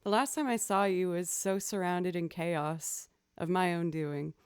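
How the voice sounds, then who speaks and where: A woman's voice: fairly low pitch, fairly even intonation, a little slow, clear, resonant tone, dry recording, studio quality. A young woman streaming live, chatting casually with viewers, greeting them by name and laughing often. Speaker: streamer and musician.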